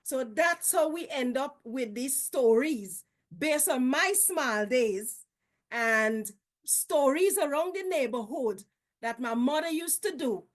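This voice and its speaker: A woman with a Guyanese accent telling childhood stories in a lively, folksy way. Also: high voice, slow pace. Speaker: storyteller. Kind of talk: casual storytelling.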